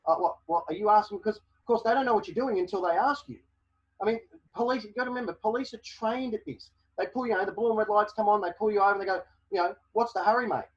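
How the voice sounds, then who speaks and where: A man's voice: sits high, fast talker, slightly rough. A man presenting a webinar, giving emphatic legal advice and checking in with "okay?" after each point. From Australia. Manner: emphatic, repeats "okay?" to drive points home. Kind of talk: explaining legal advice to a caller. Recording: dull, lo-fi webinar audio.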